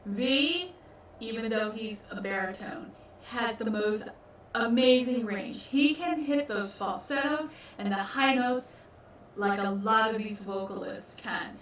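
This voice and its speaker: A woman from the US, fairly high-pitched and fairly bright, speaks slowly as she casually reacts to a music video, enthusiastically explaining at length. There's slight background noise, plus music, an echoey room, and a distant mic.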